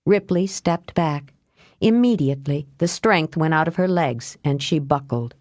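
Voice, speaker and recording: A woman narrating an audiobook in a measured, unhurried way. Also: fairly low pitch, expressive, a little mellow, no room sound, clean studio sound. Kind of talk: scripted narration.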